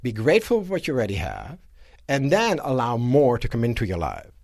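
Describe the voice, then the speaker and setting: A man giving a live motivational seminar lecture to an audience in a room, animated and asking rhetorical questions. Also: mid-range voice, brisk, dry recording, studio quality. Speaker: seminar speaker.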